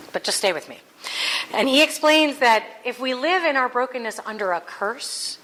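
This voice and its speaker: A woman's voice: mid-range voice, bright, forceful tone, slight background noise, low-quality recording. A woman preaching a conversational Sunday sermon, earnest with playful asides. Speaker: minister.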